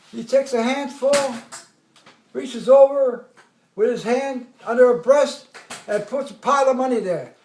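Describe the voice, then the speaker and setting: A man in his eighties tells an old army story in a strikingly high voice, rambling and laughing as he acts out the other people's lines. The sound bounces around an echoey room. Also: moderate pace, darkish tone, a little hiss or hum. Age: 80s. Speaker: army veteran telling war stories. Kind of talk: casual storytelling at home.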